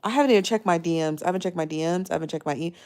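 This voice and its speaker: Woman live-streamer, loose and rambling, a bit low in pitch. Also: rapid-fire, darkish tone. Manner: rambling, greets viewers by name, many fillers. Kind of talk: casual live-stream chat.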